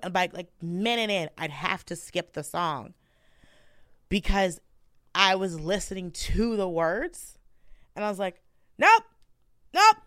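A woman comedian telling stories in a casual podcast chat, animated and profane, acting out quotes. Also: medium pitch, clear, resonant tone, dry recording, studio quality. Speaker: comedian guest.

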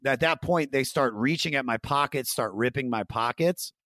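A man's voice: medium pitch, moderate pace, dry recording, studio quality. A man telling a wild story in casual podcast chat, acting out the voices of the people in it and swearing freely. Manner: animated, acts out quoted voices, swears freely. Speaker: podcast co-host.

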